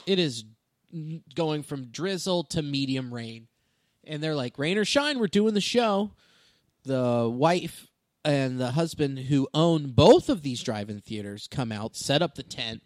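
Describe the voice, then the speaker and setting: A male comedian telling animated, profane stories in a casual podcast chat on a studio microphone. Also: mid-range voice, a little slow, dry recording. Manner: animated storytelling with swearing. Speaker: stand-up comedian.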